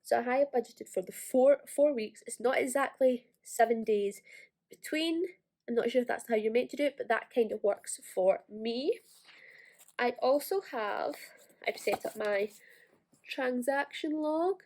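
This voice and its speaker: Young Ayrshire Scottish woman, slightly high voice, quick chatty vlogger delivery. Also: darkish tone. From Scotland. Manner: fast, chatty, self-deprecating. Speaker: planner vlogger. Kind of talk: casual tutorial walkthrough.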